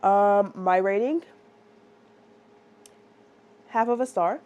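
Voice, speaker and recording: A woman reviewing a book in a loose, chatty way, piling up asides and quick check-ins with her audience. Her voice sits at an ordinary pitch with a warm, mellow tone. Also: highs cut off. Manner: animated, rambling, lots of "like" and "right?".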